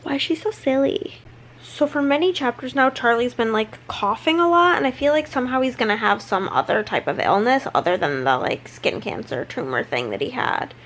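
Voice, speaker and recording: A woman book vlogger chatting casually and reacting with excitement to a novel as she reads it. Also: on the high side, normal speed, a little hiss or hum. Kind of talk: casual reading vlog commentary.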